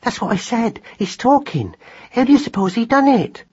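Man doing a high jittery mother mouse, lively voice, husky, kinda muffled recording. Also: moderate pace, exaggerated voice. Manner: ungrammatical, excitable. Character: timid chattering mother mouse. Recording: dull lo-fi recording.

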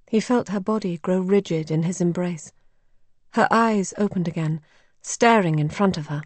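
A woman narrating an audiobook in a measured, calm way, recorded close to the mic. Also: on the low side, dry recording.

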